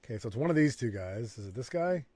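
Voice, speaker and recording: A man's voice: medium pitch, expressive, quick pace, a little mellow, no room sound. Man musing through a game, dry close sound. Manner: thinking aloud, reading game text. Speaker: let's play host. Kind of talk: casual gameplay commentary.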